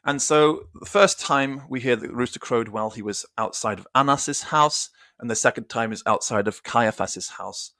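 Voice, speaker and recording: A man's voice: medium pitch, normal speed, bright, forceful tone, no room sound, studio quality. A man giving an informal Bible study on a livestream, thinking aloud with restarts and reading passages aloud. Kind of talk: informal scripture teaching on a livestream.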